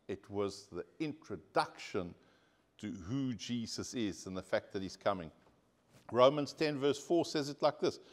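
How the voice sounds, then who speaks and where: A male pastor preaching a sermon to his congregation, earnest and direct, asking the people for an amen. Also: mid-range voice. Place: church.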